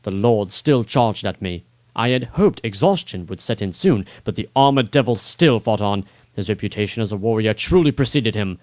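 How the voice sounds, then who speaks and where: Low-voiced man reading a dramatic story. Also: normal speed, no echo. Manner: expressive, rising on action beats.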